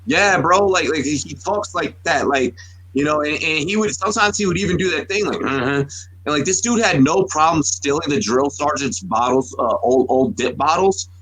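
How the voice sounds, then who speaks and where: A man's voice: fairly high pitch, moderate pace, a bit bright, poor audio. A man in his thirties, a podcast co-host, telling rambling, profane stories in casual sports talk, full of restarts. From United States.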